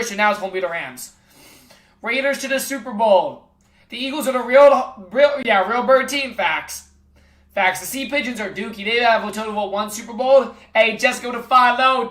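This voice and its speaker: A man's voice: high-pitched, normal speed, sharp tone, reverberant. A man livestreaming, trash-talking sports picks in casual chat with his viewers and calling everyone bro.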